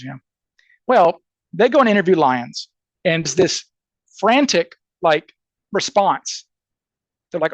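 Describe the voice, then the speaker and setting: A man, a criminal defense attorney, telling a story casually as a podcast guest, animated and restarting often. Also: on the high side, measured pace, vocal fry, long pauses, no echo. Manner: animated, acts out quoted voices, frequent restarts.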